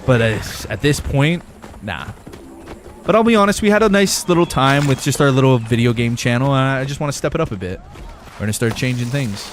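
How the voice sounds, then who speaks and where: A man's voice: medium pitch, expressive, a little fast, a little hiss or hum. A young man live streaming a game, chatting loosely with his viewers, rambling and swearing a lot. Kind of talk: casual live stream chat.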